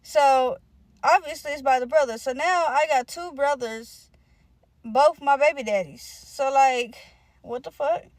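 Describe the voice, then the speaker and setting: A woman's voice: high-pitched, a little slow, dry recording. A young woman telling a personal story to her channel in a casual, profane, slangy way, rambling with lots of filler words.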